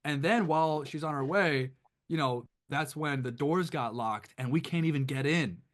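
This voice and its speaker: A man from Detroit, a band guest on a podcast, telling an anecdote casually in a rambling, animated way with lots of restarts. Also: on the high side, normal speed. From Detroit, USA.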